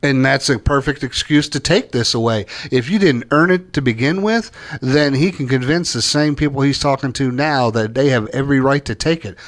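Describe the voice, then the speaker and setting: Emphatic opinionated male co-host. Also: medium pitch. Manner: emphatic, opinionated, halting restarts. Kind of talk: political talk show commentary.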